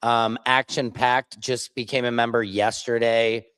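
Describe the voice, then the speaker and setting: A man who is a father, casually ramble-chatting on his own livestream, digressing and mocking others with quick impressions. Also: mid-range voice, flat delivery, a bit bright, clear, resonant tone, dry recording, clean studio sound. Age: adult, father of children. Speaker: streamer, independent commentator. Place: home studio.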